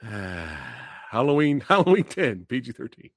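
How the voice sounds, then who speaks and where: Male reaction-stream host, swings wildly in pitch, unhurried, cursing, dry close mic. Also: no room sound. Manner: profane, animated, laughing and booing. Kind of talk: live stream trailer reaction.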